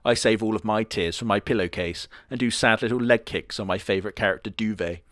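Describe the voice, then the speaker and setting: A man's voice: fairly low pitch, a little fast, a bit bright, no room sound, studio quality. A man giving crude, sarcastic comedic commentary on an anime, full of mocking asides. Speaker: anime reviewer.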